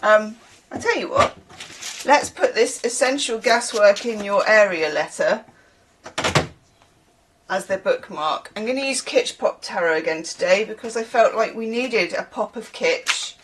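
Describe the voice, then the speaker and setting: A woman's voice: medium pitch, expressive, a little slow, noisy background. A woman from the UK, a tarot reader who chats in a rambling way, with laughing asides. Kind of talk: casual chatty reading.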